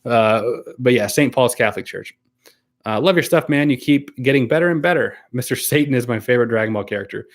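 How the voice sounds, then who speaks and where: Hosting a casual live stream, a man with a mid-range, fairly quick voice reads out viewer comments and answers them. He's easygoing but hesitant, with many ums and restarts, and he laughs often.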